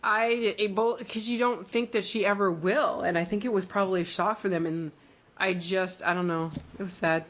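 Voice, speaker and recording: A woman's voice: mid-range voice, fairly even intonation, normal speed. A woman co-hosting a podcast, recapping a TV episode in a chatty, rambling way full of fillers. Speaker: podcast co-host. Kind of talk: casual episode recap chat.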